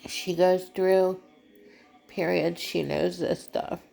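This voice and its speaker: A woman speaks slowly and haltingly to her viewers, with a gravelly, creaky edge to her voice. She sounds tearful and fights to keep from crying. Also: fairly low pitch, steady tone, dark tone, soft background music. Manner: halting, emotional, trying not to cry. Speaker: vlogger. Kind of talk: personal vlog talk.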